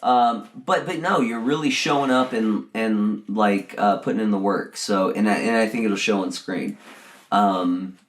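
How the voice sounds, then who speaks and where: Brief: a man from Texas with a very low voice, casual podcast chat, stammering and repeating himself. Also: a little slow. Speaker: podcast co-host and actor.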